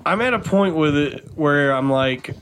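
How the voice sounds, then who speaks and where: A young man chatting on a comedy podcast, riffing crudely and talking fast. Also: a little high, animated, fairly bright tone, a little hiss or hum. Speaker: podcast guest. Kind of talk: casual comedy chat.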